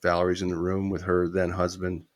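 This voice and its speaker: Deep-voiced man telling a story. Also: completely flat delivery, a little fast. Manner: storytelling, quotes people, swears casually. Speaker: guest musician. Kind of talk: casual anecdote telling.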